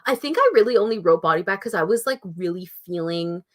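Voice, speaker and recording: A woman's voice: lowish voice, lively intonation, quick pace. Chatty Canadian woman in her twenties. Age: 20s. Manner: chatty, laughs often, reads out chat messages. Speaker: writing channel host. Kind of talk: casual livestream chat.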